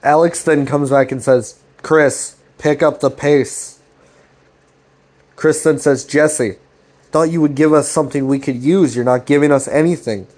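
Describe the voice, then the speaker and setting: A man's voice: on the high side, fairly even intonation, a little slow, darkish tone. A man casually retelling a web series scene by scene, swearing freely and paraphrasing the characters' lines in a loose, rambling way. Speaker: commentary channel host.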